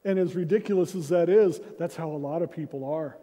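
Fairly quick and fairly high in pitch, the man's dark-toned voice carries a sermon. He preaches as senior pastor, talking casually and making light of himself, with the church hall's reverb audible throughout.

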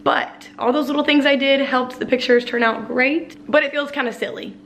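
Young woman vlogger, slightly high voice, excitable and rushed, phone held at arm's length, faint noise behind. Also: creaky, poor audio. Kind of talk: casual vlog to camera. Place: in a car, then a small bathroom.

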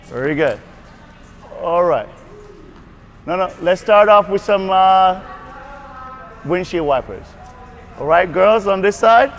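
A man coaching a tennis class on court, giving brisk repeated cues and frequent praise. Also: sits high, expressive, fairly bright tone. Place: tennis court at a racquet club.

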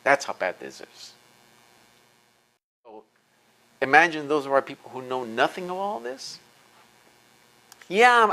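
A man's voice: mid-range voice, sharp tone. A man giving an impassioned lecture, intense and emphatic, blunt and profane, often repeating words as he presses his points.

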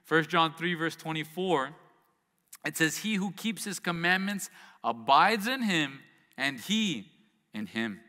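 Speaking slowly and expressively, a male pastor with a bright, forceful, fairly high voice alternates scripture readings with conversational digressions full of rhetorical questions. The long echo suggests he's being heard through a church hall.

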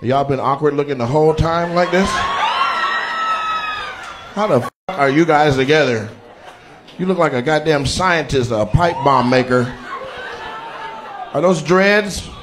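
At a comedy venue, a male stand-up comedian does profane crowd work, brashly teasing and roasting audience members while the live crowd laughs and cheers. His voice is fairly high, a little slow, with long pauses, and there is background noise.

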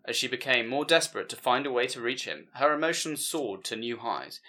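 Male storyteller, crisp bright tone, measured literary read, phrase ends drop soft. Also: medium pitch. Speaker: story reader. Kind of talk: scripted narration of a literary short story.

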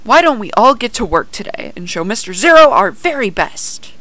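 A woman's voice: on the high side, sing-song, moderate pace, a bit bright, dry recording. A woman voicing a firm male harbor dispatcher who is kind but blunt and a bit bossy.

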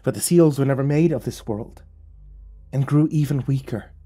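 A man voicing a gentle male angel messenger, speaking softly, solemnly and slowly in a dark, husky voice. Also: mid-range voice, faint music behind, lightly acted. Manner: soft, solemn, slow and pleading.

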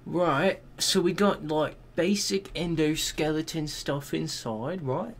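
A man giving casual, excitable reaction commentary on a game trailer, swearing freely and thinking out loud. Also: on the high side, takes it slowly, a little hiss or hum. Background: game trailer music.

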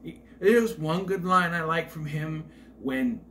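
A man's voice: fairly high pitch, slow pace, a bit bright, slight background noise. A man casually rambling through a movie rundown, hesitant and wry with frequent asides. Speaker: movie reviewer.

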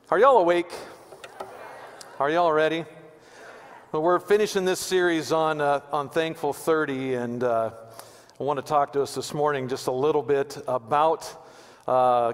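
Chatty, higher-voiced preacher in a reverberant church. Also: male voice. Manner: conversational, repeats words, joking asides. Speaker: pastor. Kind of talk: sermon. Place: church sanctuary.

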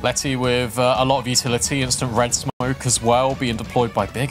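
A man, commentating an esports match with quick analysis and some self-deprecating asides. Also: medium pitch, level tone, music in the background. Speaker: esports caster. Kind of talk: play-by-play commentary.

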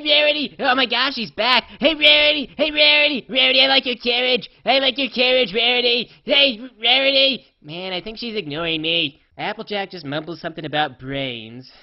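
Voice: mid-range voice, close to an everyday voice. Someone voicing Rainbow Dash, a rambling dim pony. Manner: rambling, offhand, with frequent "uh" and "like". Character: female pony, scatterbrained and cheerfully oblivious. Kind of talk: comedic first-person storytelling. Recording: slightly dull lo-fi recording.

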